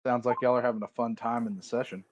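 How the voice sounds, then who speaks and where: A man's voice: mid-range voice, steady tone, fast talker. A man playing in a tabletop game, chatting in a friendly, teasing way. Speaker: player. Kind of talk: casual chat.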